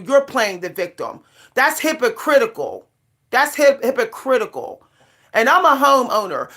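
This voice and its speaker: A woman's voice: a little high, a bit bright. A middle-aged woman vlogging a casual rant to camera, emphatic and repetitive, hammering her points with short punchy refrains.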